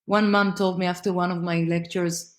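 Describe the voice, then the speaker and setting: A woman parenting expert talking as a podcast guest, emphatic and animated. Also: fairly low pitch, moderate pace. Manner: animated, emphatic, acts out quoted voices. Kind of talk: conversational podcast interview. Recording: roomy echo.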